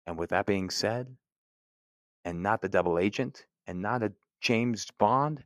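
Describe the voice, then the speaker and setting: Man, low voice, relaxed podcast Latin lesson, dry recording. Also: moderate pace, dry recording. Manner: relaxed, chatty, drawls and restarts. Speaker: Latin teacher.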